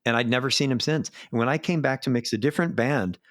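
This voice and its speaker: A man's voice: mid-range voice, fast, dry recording. Dry-voiced middle-aged man telling stories. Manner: animated anecdotes, acts out quoted voices. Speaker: live sound engineer, interview guest. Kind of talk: casual storytelling interview.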